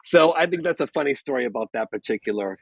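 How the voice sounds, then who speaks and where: A man, a podcast guest, telling relaxed anecdotes with small chuckles in casual chat. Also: medium pitch, quick pace, vocal fry, breathy edge, no echo. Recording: dry, dull lo-fi sound.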